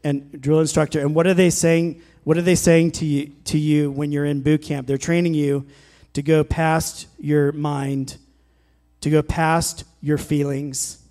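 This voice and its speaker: A middle-aged man preaching a sermon as pastor, fervent and emphatic, swelling louder on scripture and exhortations. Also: on the high side, flat delivery, unhurried.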